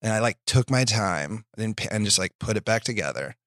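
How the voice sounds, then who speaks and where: As a guest comedian on a chat show, a man in his thirties tells stories loosely, profanely and with self-deprecation. His fairly low voice has lively intonation, a fairly bright tone and a normal speed. The recording is dry, with clean studio sound.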